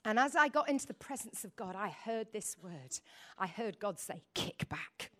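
A woman's voice: medium pitch, animated, moderate pace. A middle-aged woman preaching a sermon, telling a personal story in a rambling, emotional way and calling on the congregation to repeat words.

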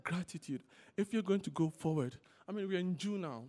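Guy preaching, higher voice, keeps repeating the key words, gets lively telling stories. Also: fairly quick. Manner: animated storytelling. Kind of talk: sermon.

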